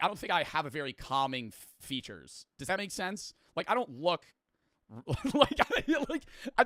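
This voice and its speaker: A man's voice: on the high side, bright, forceful tone, no room sound, clean studio sound. A man hosting a reaction video, rambling casually, swearing and joking about himself. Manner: rambling, profane, self-deprecating, quick to laugh.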